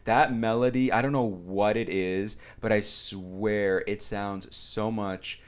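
A young man giving casual reaction commentary on a music video, chatty and excitable, talking straight to his viewers. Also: on the low side, slow pace, smooth. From Italian background. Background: music video playing.

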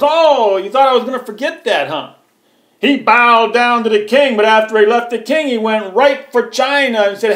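An American political vlogger delivers a heated, profane rant to camera, full of sarcasm and mockery. His voice is extremely high-pitched and a bit bright, recorded in an echoey room.

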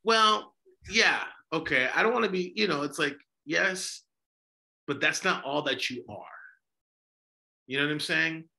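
A man's voice: on the high side, expressive, a little slow, creaky, long pauses, sharp tone. A man who is a priest, hosting a podcast discussion and speaking with passion through many rhetorical questions. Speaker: Orthodox priest and podcast host.

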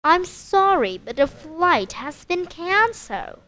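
A woman's voice: extremely high pitch, very animated, slow, a bit bright, voice pushed up, heavily acted. A woman voicing a polite female airline ticket agent who apologizes to a customer. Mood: apologetic.

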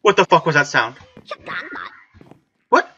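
A low-voiced woman gamer talks herself through a let's play over music, animated but a little slow, and she screams and swears whenever she gets startled. The recording is slightly dull and lo-fi.

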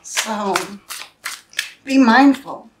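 A woman doing a spiritual tarot reading, speaking earnestly and emotionally in short halting phrases, often checking in with "right?". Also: a little high, slight background noise. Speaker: tarot reader.

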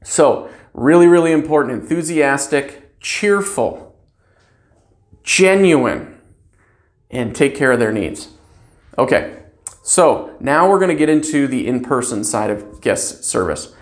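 An upbeat hotel front desk trainer talking new staff through how to answer the phone. The voice sits at a middle pitch, and the delivery is emphatic, stressing words in lists and slipping into a bright, cheerful phone greeting to show how it is done. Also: expressive, takes it slowly.

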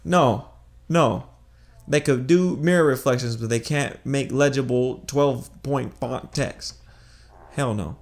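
A man's voice: mid-range voice, slow pace. Gaming host, male, mid-range voice, chatty and easily startled, swears a lot. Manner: jumpy, excitable, swears a lot; chatty, thinks out loud while playing. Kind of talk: casual let's-play commentary.

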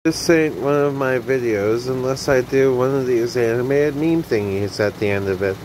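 A man's voice: medium pitch, normal speed, background noise. A man vlogging in a casual, rambling late-night monologue, tired and yawning, sighing and trailing off. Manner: rambling, self-talking, sighs and trails off.

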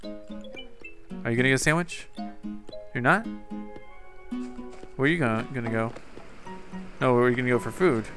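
A man's voice: medium pitch, moderate pace, long pauses, music in the background. A man giving casual, chatty gameplay commentary, talking to himself and to someone off-mic, and now and then calling out a name. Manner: repeatedly shouts a name into the game mic. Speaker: gaming YouTuber.

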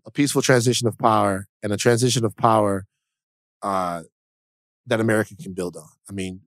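A man's voice: fairly low pitch, dry recording. Male podcast co-host, emphatic and rhythmic, dry close mic. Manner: emphatic, preacher-like building cadence. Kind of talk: casual podcast chat.

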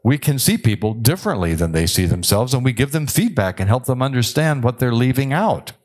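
An older man, a psychiatrist giving a conference lecture in a conversational, wry way, with many filler pauses. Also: medium pitch, very animated, darkish tone.

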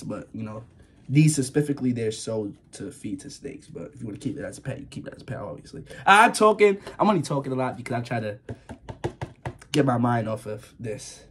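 A young man talking to his viewers in a casual vlog, nervous and rambling, with a slightly husky voice. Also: on the high side. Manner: nervous, jumpy, rambling, slangy, yelps and laughs. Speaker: vlogger.

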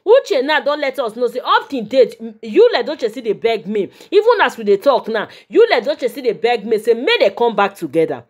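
Nigerian woman vlogger, higher-pitched voice, lively gossip commentary straight to camera. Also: brisk, few pauses. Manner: animated, talks straight to her viewers.

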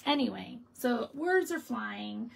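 A woman's voice: on the high side, expressive, slow pace, vocal fry, background noise. A middle-aged woman hosting a casual crafting live stream, telling a story with frequent laughs. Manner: chatty storytelling, laughing often. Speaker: stamping demonstrator and show host. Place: home craft room.

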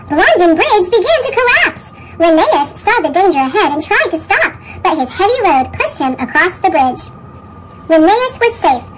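Woman reading a storybook, chipmunk-sped. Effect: sped-up chipmunk pitch effect. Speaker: storybook reader. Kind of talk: reading picture books aloud. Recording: noisy sped-up recording.

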